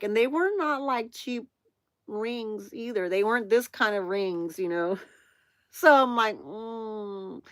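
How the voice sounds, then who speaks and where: Bright-voiced chatty woman in her fifties. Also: medium pitch, no echo. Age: 50s. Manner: chatty, laughs often, addresses viewers as "y'all". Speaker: vlog host. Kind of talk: casual storytelling to viewers.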